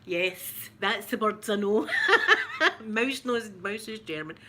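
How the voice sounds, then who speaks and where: A woman's voice: medium pitch, slow, pushed and bright, a little hiss or hum. A middle-aged Scottish woman hosting a casual live chat with viewers, rambling and giggling with many restarts. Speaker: ASMR livestream host.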